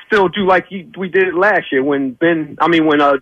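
A man's voice: a little high, normal speed, a bit bright, dry recording. A man calling in to a sports radio show, rambling and hesitant with many fillers. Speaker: caller. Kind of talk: phone-in call. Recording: dull phone line.

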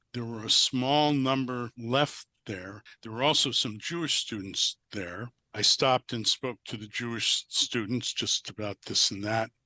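Bright-voiced male professor, matter-of-fact. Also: mid-range voice, no room sound. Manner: measured, matter-of-fact retelling. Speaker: university economics professor. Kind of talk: recounting a personal story. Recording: played back as an audio clip.

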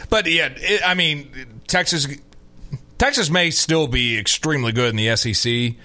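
A man co-hosting a sports talk radio show, teasing his partner in a dry, deadpan way. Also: fairly high pitch, normal speed.

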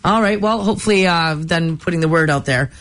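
A woman's voice: lowish voice, brisk. A woman co-hosting a radio show in a chatty, upbeat manner. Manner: chatty, upbeat, laughs easily. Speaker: radio co-host. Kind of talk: casual radio chat.

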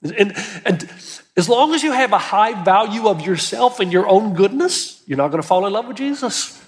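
A man's voice: sits high, lively intonation, moderate pace. A male pastor preaching an earnest, emphatic sermon, lifting his voice on key words. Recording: long hall reverb.

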